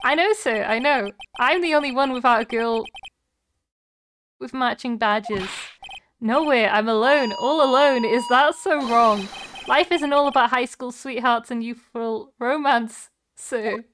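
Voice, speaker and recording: A woman's voice: fairly high pitch, a little slow. A woman doing a jittery young cop, "sir" nonstop. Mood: whiny. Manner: ends every sentence with "sir"; loud and melodramatic. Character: jittery young male police officer, overeager.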